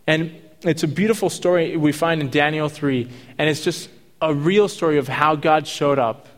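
A man's voice: on the high side, moderate pace, in a large hall. A man preaching a sermon, reading scripture and adding casual, jokey asides. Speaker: pastor.

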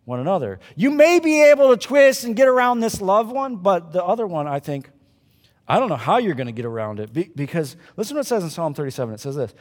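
A male pastor preaching a conversational sermon at a church service, swinging between loud emphasis and quiet asides to the congregation. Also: sits high, sing-song, fast talker, big-room sound.

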